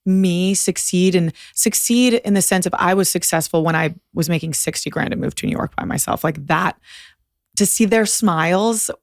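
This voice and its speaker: A woman's voice: on the low side, normal speed, no echo, studio quality. Chatty young woman with a light Boston accent. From Boston, USA. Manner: chatty, frank, lots of "like". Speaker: podcast guest. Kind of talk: casual interview chat.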